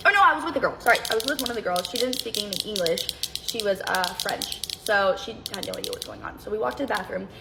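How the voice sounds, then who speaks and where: A woman's voice: medium pitch, big pitch swings, fast talker, creaky, noisy background. A young adult woman telling a personal story in a casual storytime, rambling and cutting herself off to jump between tangents. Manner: rambling, self-interrupting, jumps between tangents.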